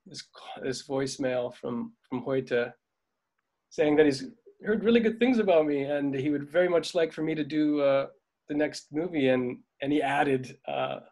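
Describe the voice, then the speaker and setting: A man's voice: a little high, normal speed, darkish tone. A middle-aged man, a film crew veteran, telling rambling stories in a casual interview, with frequent fillers and laughs. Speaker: veteran dolly grip, guest.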